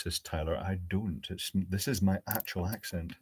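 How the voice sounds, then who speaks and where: A fairly low-pitched man talks through a live electronics build at his workbench, pausing to think aloud and slipping in dry jokes. Faint clicks of tools sit quietly behind his voice. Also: fairly even intonation, slight background noise. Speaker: electronics hobbyist host. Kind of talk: live-streamed workbench build, answering chat.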